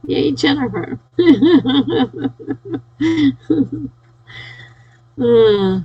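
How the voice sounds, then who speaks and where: A woman's voice: sits high, lively intonation, drawn-out words, dull audio. A sleepy, yawning woman chatting casually on a live stream, reading out and cheering viewers' chat messages. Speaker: livestreamer.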